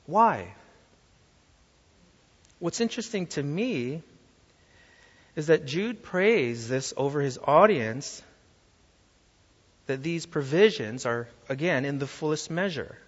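A pastor delivers a sermon at a slow, deliberate pace, leaning into key words and putting rhetorical questions to his listeners. His voice sits a little high for a man. The recording is dull and lo-fi, with a long echo from a large hall. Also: expressive, slightly rough. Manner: emphatic preaching with rhetorical questions to the congregation. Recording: lo-fi sound with long hall reverb.

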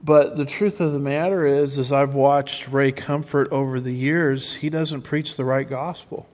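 A man's voice: mid-range voice, steady tone, unhurried, darkish tone. A middle-aged man preaching emphatically, asking rhetorical questions and restarting his phrases. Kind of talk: sermon-style teaching. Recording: muffled recording with long reverb.

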